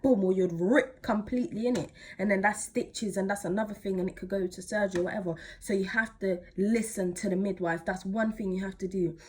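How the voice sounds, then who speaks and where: Husky teen girl vlogging, chatty and animated, lots of slang fillers. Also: mid-range voice. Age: teens. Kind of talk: casual storytelling to camera.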